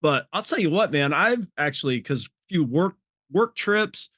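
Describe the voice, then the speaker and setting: A man hosting a podcast, chatting casually and relaxed. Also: a little high, measured pace, no echo, clean studio sound. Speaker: podcast host. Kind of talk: casual chat.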